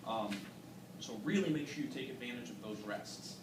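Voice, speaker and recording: A man's voice: medium pitch, animated, normal speed. A man giving an encouraging, explanatory critique to a singer in a masterclass, with frequent "um"s. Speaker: vocal adjudicator. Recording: echoey room from a distant mic with background noise.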